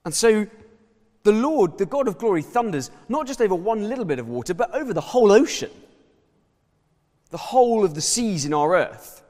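A man preaching a sermon in a lively, conversational way, pointing to slides and props as he goes. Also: high-pitched, normal speed. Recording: long reverb of a church hall.

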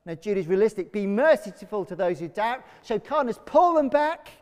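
A man delivers a lively sermon in a high, bright register. He calls on the congregation to repeat lines back to him. His voice rings with the long reverb of a church hall. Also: normal speed. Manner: energetic, leads congregation call-and-response. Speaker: pastor.

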